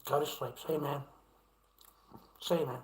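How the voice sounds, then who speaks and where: A swearing, mocking Australian man in his fifties rants through a casual livestream. His voice sits a little high for a man, and the echoey room rings around every word. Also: fairly even intonation, moderate pace, a little hiss or hum. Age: 50s. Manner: profane, ranting, mocking.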